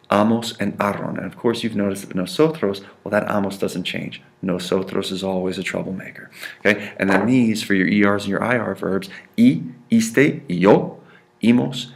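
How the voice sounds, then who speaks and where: Male teacher, low register with grit, runs a grammar lesson and keeps checking "right?". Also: creaky. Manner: checks in constantly with "right?" and "okay?"; stresses and repeats key sounds. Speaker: Spanish teacher.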